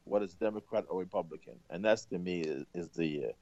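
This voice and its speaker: Low-voiced halting male guest. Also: a little mellow, no echo. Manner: halting, many fillers. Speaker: guest commentator. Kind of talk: conversational commentary. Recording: dull lo-fi line.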